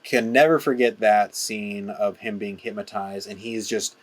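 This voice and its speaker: An enthusiastic podcast co-host in casual conversation, agreeing quickly and talking with easy momentum. The voice sits at a middling pitch. The sound is dry and close, with no room behind it. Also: fairly even intonation, dry recording. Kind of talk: casual chat.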